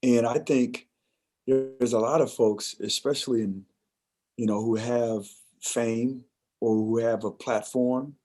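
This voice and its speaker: A man's voice: medium pitch, steady tone, slow pace, warm tone. A man hosting a podcast, talking in an enthusiastic, affirming way with loose, rambling sentences. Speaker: podcast host. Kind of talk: podcast conversation.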